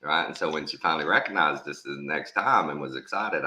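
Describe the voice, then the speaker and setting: A man's voice: a bass voice, brisk, sharp tone. An older man with a Texan accent, casually chatting and telling stories. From Texas. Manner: storytelling, acting out voices in his anecdotes. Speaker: host. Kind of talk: casual chat.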